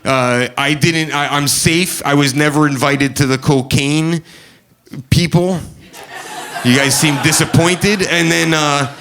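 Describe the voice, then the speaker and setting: A man's voice: a little high, fairly even intonation, a bit bright. Nervous, rambling stand-up comic man. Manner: halting, nervous delivery with many fillers. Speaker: stand-up comedian. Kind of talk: stand-up comedy. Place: comedy club stage with a live audience.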